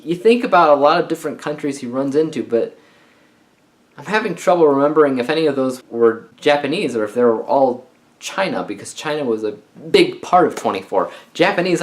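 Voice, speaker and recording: A young adult man giving a casual, rambling book review, animated and often exasperated. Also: medium pitch.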